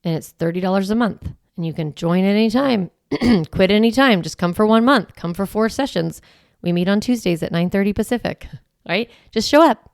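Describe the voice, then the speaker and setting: A woman's voice: medium pitch, no room sound, studio quality. A woman who is a parenting coach and podcast host, talking in a chatty, encouraging way and often saying "like" and "right". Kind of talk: casual podcast monologue.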